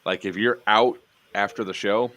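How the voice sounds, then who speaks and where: A man's voice: on the low side, fairly even intonation, normal speed, pushed and bright. A man hosting a casual online chat, telling rambling stories full of fillers and restarts. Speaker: podcast host.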